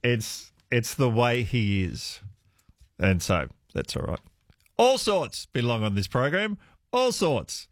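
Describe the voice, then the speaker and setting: A man hosts talkback radio from a dry studio booth. His voice moves a lot in pitch as he laughs and reassures callers warmly. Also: big pitch swings, takes it slowly, no room sound. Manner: warm, laughing often, reassuring. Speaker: radio host. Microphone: studio microphone.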